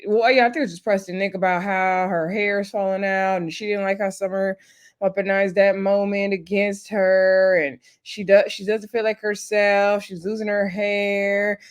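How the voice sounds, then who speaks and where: A tired woman hosting her own channel, recapping a reality show in a casual, chatty way with lots of "y'all" and quick laughs. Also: medium pitch. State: tired, up late. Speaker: YouTube host recapping reality TV.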